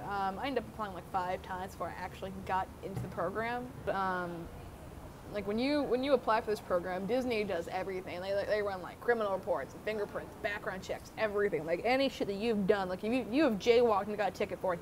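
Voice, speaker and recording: A young adult woman telling a story about her old job to the camera in a casual, animated way, swearing often. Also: medium pitch, a little fast. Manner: profane, animated, swears freely. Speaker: former theme park worker telling her story. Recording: noisy background.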